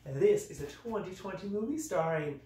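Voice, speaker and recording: Talking a little fast in a high, animated voice with a dark tone, a young man reviews movies in an over-the-top, self-deprecating way, his delivery lurching into sudden drama. It is a casual comedy monologue recorded in an echoey room, somewhat off-mic.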